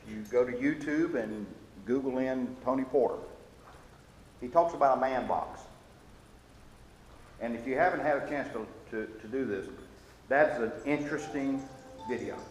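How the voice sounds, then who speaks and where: A man with an ordinary male pitch teaches a Sunday school lesson, speaking earnestly but haltingly, stumbling and restarting before pressing his point. He becomes emphatic when quoting. His voice rings through a large, reverberant church hall over a faint hiss.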